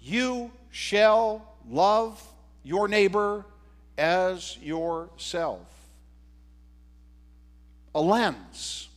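A man with a fairly high voice preaches in a church, taking his time between phrases. His conversational sermon throws out questions to the congregation. His voice rings with the long reverb of a large church hall. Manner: unhurried, conversational, with fillers and rhetorical questions. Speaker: pastor. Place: church sanctuary.

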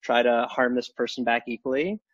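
A man's voice: mid-range voice, fairly bright tone, no room sound, highs cut off. A man speaking as a podcast guest in casual chat, stumbling over restarts and fillers. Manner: halting, many restarts and fillers.

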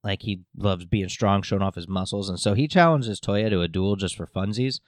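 A podcast host casually recapping a show episode in a rambling, jokey way, with lots of fillers. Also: male voice, on the low side, a little fast, dry recording, studio quality.

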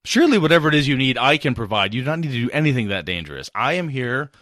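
A man voicing a flustered, over-polite gentleman who stammers and fawns over an old lady. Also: medium pitch, very animated, rapid-fire, dry recording, studio quality. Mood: eager.

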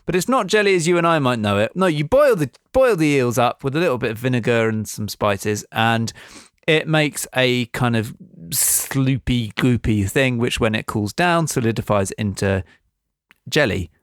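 A man's voice: mid-range voice, animated, normal speed, no echo, clean studio sound. A man co-hosting a podcast, explaining facts in a chatty, giggly way. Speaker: podcast co-host. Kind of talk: casual explanatory chat.

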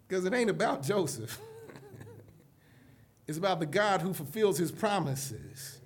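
A man preaching a keynote sermon to a live conference audience, emphatic and direct, moving from hushed asides to loud calls. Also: high-pitched, big pitch swings, measured pace, pauses often, husky. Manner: addresses the audience directly, repeating "listen carefully".

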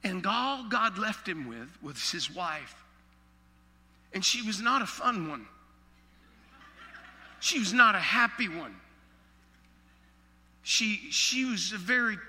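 A pastor from Alabama with a Southern accent, preaching a sermon with folksy, joking asides. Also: male voice, high voice, bright, forceful tone, in a large hall.

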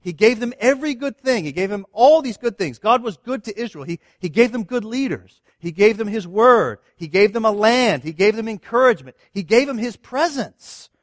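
A man's voice: sits high, lively intonation, normal speed, few pauses, dry recording, studio quality. A man preaching a sermon, reading scripture and asking his listeners earnest rhetorical questions. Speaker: pastor.

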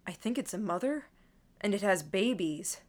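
A woman voicing a pinned-down young male genius who pleads in a breathy, hollow voice in an audiobook. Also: mid-range voice, lively intonation, normal speed, darkish tone, natural voice.

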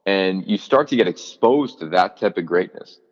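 Deep-voiced man telling animated stories. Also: moderate pace, in a large hall, lo-fi sound. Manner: animated storyteller, many fillers and restarts, acts out quotes. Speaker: college football analyst, former player and coach. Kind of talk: podcast interview, storytelling.

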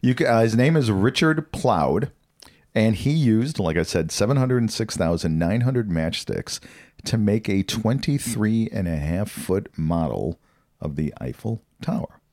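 A man's voice: on the low side, expressive, a little slow, darkish tone. A man co-hosting a podcast, chatting casually and reading out odd news stories, laughing and stumbling over words. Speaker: podcast co-host.

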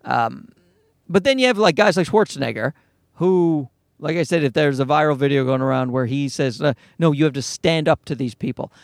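A man's voice: a little high, normal speed, no room sound, clean studio sound. A middle-aged man hosting a podcast, talking off the cuff in a rambling way, with tangents, fillers and casual swearing. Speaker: podcast host. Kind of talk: casual solo podcast monologue.

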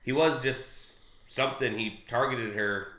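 A man chatting casually about a comic, rambling and halting with fillers and restarts. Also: mid-range voice, sharp tone, reverberant. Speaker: co-host discussing a comic. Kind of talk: casual chat.

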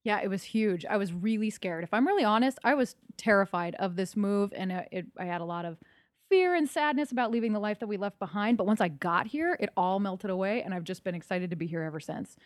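A bubbly woman guest who laughs easily, talking at a middling pitch. Her voice is close and dry, with no room echo, as she chats in a music studio. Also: lively intonation, quick pace. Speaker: voice teacher, guest. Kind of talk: casual interview chat.

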